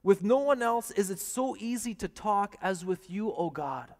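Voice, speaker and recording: A priest with a fairly high voice preaches earnestly and plainly, often turning to his listeners with questions. His words ring out with a long reverb, as if in a large hall. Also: animated, moderate pace. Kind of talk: televised sermon.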